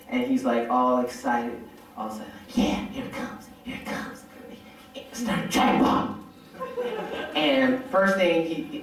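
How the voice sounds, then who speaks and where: A man doing stand-up comedy, telling animated stories and shouting profane impressions of a friend. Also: mid-range voice. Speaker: stand-up comic. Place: hotel convention ballroom. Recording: echoey hotel ballroom from far off.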